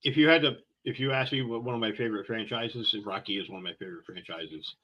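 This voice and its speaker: A man's voice: medium pitch, fast, highs cut off. A man co-hosting a casual podcast, rambling loosely and swearing freely. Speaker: podcast co-host. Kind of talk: casual chat.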